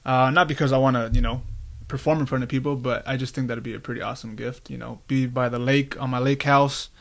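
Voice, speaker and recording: A man's voice: medium pitch, steady tone, fast talker, gravelly. A young man co-hosting a podcast, answering in an easygoing, hesitant way with fillers. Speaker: podcast co-host. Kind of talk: casual chat.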